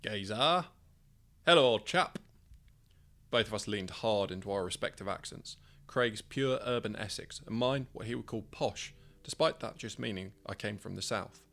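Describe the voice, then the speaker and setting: A man's voice: fairly low pitch, moderate pace, gravelly, hardly any pauses, fairly bright tone. A man narrating his own first-person short story in a wry, conversational way.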